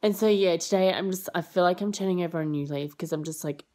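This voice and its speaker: A woman's voice: fast talker, darkish tone. A young adult woman vlogging as an au pair, rambling casually with lots of fillers and acting out what people said. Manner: rambling and chatty, full of fillers; acts out quoted lines with high jumps in pitch. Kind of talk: casual chatty vlog.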